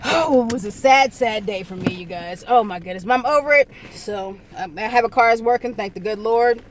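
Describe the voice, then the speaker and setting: A woman's voice: mid-range voice, brisk, background noise. A woman telling a casual storytime to her viewers, rambling and correcting herself as she goes. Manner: rambling, self-correcting, talks to viewers directly. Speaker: vlogger.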